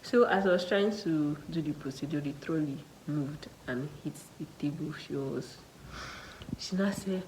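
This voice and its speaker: A young woman with a Nigerian accent, chatting to her vlog audience about her day. Her voice sits a little low for a woman, and she tells the story in a lively, animated way. She drops in local slang as she talks. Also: moderate pace, a little hiss or hum, poor audio. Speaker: student nurse vlogger. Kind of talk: casual storytelling to camera.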